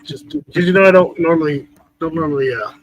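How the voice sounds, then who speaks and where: Male guest, fairly high voice, dry self-mocking jokes, close dry sound. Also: fairly quick, no echo, rough recording. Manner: wry, self-deprecating humor. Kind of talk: casual chat.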